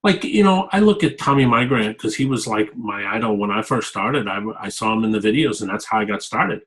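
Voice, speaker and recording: A man's voice: lowish voice, expressive, fairly quick, a bit bright, poor audio. A man being interviewed about his work as a fitness coach, talking candidly and rambling, often repeating himself. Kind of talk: casual interview talk.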